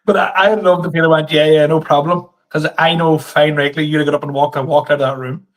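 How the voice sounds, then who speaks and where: A man's voice: fairly high pitch, level tone, fast talker. A man, co-hosting a podcast in an easygoing, agreeable chat and laughing readily. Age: 30s. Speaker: podcast co-host and stand-up comedian. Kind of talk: casual chat.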